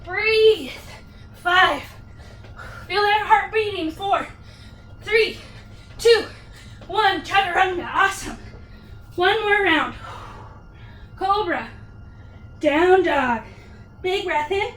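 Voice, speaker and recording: A woman with a very high voice leads a sculpt yoga flow, calling out counts and upbeat encouragement. She sounds winded as she cues the moves at an unhurried pace. She is picked up from a distance in an echoey room. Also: a bit bright, slight background noise. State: out of breath. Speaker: yoga instructor. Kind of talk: cueing a workout class.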